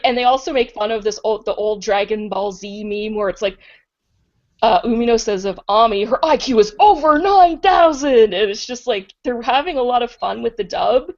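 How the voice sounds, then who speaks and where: A chatty, enthusiastic woman co-hosting a podcast, her voice carrying a gravelly fry. She talks in a casual way and fills her sentences with "like". The audio is dull and lo-fi. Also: mid-range voice, darkish tone. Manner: chatty and enthusiastic, says "like" often. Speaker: podcast co-host. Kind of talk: casual chat.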